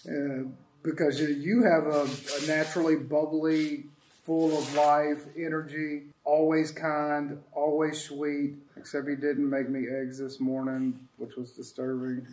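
A man's voice: fairly high pitch, flat delivery, unhurried, darkish tone. Easygoing man musing in an echoey room. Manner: rambling, reflective, easygoing. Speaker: host. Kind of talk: casual spiritual talk. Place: sanctuary room with friends.

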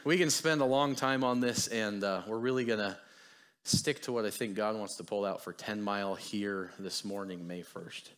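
A young man giving a casual, chatty sermon as a guest preacher, self-deprecating and quick to laugh. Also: lowish voice, a bit bright.

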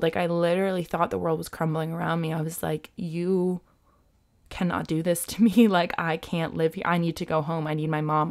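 Low, gravelly-voiced woman telling a personal story. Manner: emotional, confiding, frequent "like" fillers. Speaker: vlogger.

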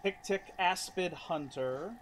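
A man's voice: a little high, slow, a bit bright, slight background noise. A man streaming a video game, talking casually, exasperated and swearing heavily. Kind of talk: casual live-stream commentary.

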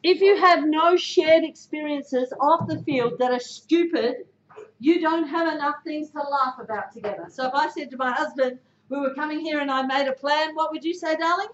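An Australian woman with a high-pitched voice gives a blunt, emphatic motivational talk, putting questions straight to her audience. The sound is dull and echoey, with a faint hiss underneath. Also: moderate pace. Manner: direct, emphatic, quizzes the audience. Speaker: guest speaker. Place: club room before a team.

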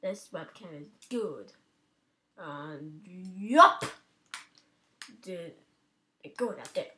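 A woman's voice: medium pitch, measured pace. A woman rambling playfully and giggling as she narrates her own silly antics to a webcam at home. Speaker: webcam vlogger. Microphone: webcam microphone. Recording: webcam audio with loud background noise.

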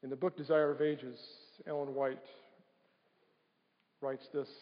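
Preaching a sermon in a church sanctuary, a pastor often puts questions to his congregation. His medium-pitched voice is flat and measured, captured in dull livestream audio that reverberates around the church.

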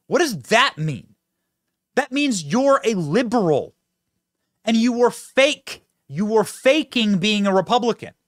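High, animated male political host. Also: no room sound, clean studio sound. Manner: emphatic, fast-talking, addresses audience directly. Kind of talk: political commentary show.

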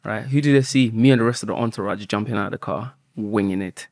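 A man, a podcast guest telling a story in an animated way and swearing often. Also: lowish voice, quick pace, dry recording, clean studio sound.

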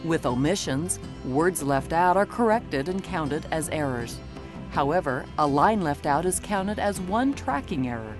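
A woman reading scripted documentary narration in a measured, explanatory way, recorded as a studio voice-over. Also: low voice, lively intonation. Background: background music.

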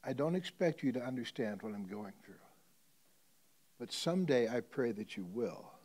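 A man voicing a calm, gentle woman teacher in a quiet, hushed way within a sermon story. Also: medium pitch, moderate pace, close to an everyday voice. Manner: hushed and soft.

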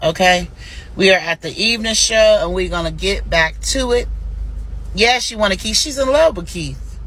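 A woman hosting a livestream, delivering a heated, profanity-laced rant that swings between shouting and mocking asides. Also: medium pitch, normal speed. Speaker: livestream host.

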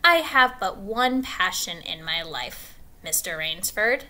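A woman's voice: on the low side, lively intonation, takes it slowly, pushed and bright, full character voice. A woman reading aloud, voicing a suave aristocratic male general who is a hunter. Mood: courtly.

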